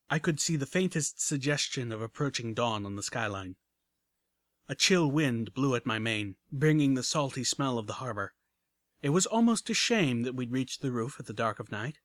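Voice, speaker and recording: A man's voice: mid-range voice, fairly bright tone, no room sound. A man reading a first-person action story aloud with dramatic narration. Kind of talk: audiobook reading of fan fiction.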